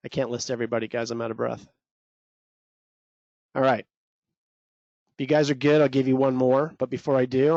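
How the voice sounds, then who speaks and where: A man's voice: medium pitch, a little mellow, dry recording, highs cut off. A man coaching traders in a live webinar, talking straight to viewers in a salesy, pumped-up way. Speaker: trading coach presenting a webinar. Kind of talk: energetic live webinar teaching.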